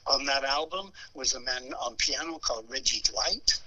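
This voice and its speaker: An older man, telling stories as a musician guest in an interview, animated and acting out the people in them. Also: mid-range voice, normal speed, lo-fi sound. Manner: animated storyteller who acts out voices and hums melodies. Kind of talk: anecdotal storytelling interview.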